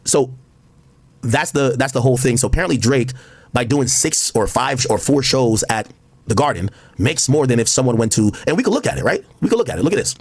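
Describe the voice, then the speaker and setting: A man talking casually on a livestream, animated and laughing, often mimicking other people. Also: medium pitch, fairly quick, gravelly, slightly rough. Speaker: livestream streamer.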